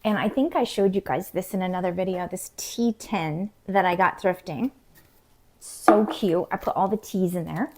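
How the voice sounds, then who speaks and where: Mellow chatty middle-aged woman vlogger. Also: lowish voice, moderate pace. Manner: chatty, talks to herself, drops to soft whispered asides. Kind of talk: casual chat to camera. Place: home kitchen.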